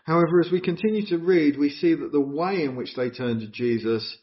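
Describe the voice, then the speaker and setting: A man preaching a sermon in an earnest, expressive way, asking his listeners questions. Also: on the high side, fairly quick. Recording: dull lo-fi recording.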